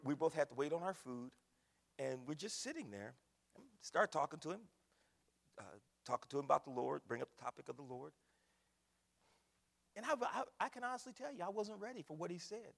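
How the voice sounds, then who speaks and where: Gravelly preacher with lively swinging delivery. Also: male voice, a little high, big-room sound. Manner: swings from hushed storytelling to loud preaching; folksy, addresses the congregation as y'all. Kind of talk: sermon.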